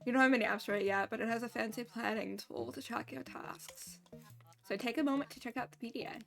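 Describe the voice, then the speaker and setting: A woman's voice: a little high, fairly quick, creaky, fairly bright tone, faint music behind. A woman voicing an eager, chirpy young female shop assistant in a cozy game.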